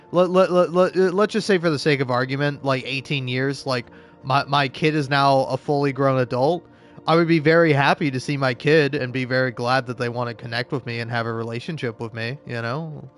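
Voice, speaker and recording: A man streaming and chatting casually, rambling with lots of profanity and stumbling restarts, breaking into high-pitched rants. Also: steady tone, moderate pace, a bit bright, soft background music. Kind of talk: casual chat while gaming.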